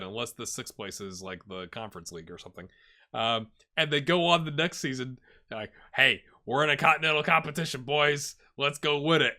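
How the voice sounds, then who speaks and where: A man narrating a game on his channel in a casual, chatty way, puzzling over results out loud. His voice is bright and forward. His pitch bounces around a lot as he reacts. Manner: chatty, thinks aloud, reacts with surprise. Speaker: gaming YouTuber. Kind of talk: casual video game commentary.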